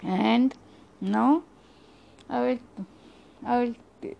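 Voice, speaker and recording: Slow, halting woman reading aloud with a creaky voice. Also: fairly high pitch, steady tone, a little mellow, rough recording. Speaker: storyteller and breathing instructor. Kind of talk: reading a story aloud, then guiding breathing exercises.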